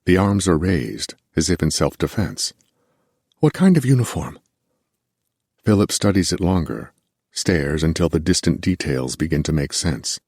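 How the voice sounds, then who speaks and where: A male audiobook narrator with an extremely deep, husky voice, reading in a measured, steady way. The recording is close and completely dry. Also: dry recording. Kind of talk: scripted narration.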